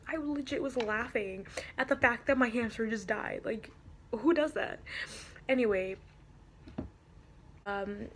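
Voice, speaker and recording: A woman's voice: fairly high pitch, unhurried, long pauses, husky. A teenage girl telling a storytime vlog in a chatty, giggly way, full of fillers. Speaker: vlogger.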